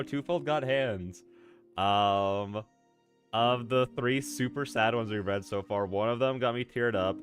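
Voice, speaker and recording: A man streaming casually, chatting with his viewers as he reads a story, laughing often and repeating himself. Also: medium pitch. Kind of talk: casual livestream chat. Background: music playing.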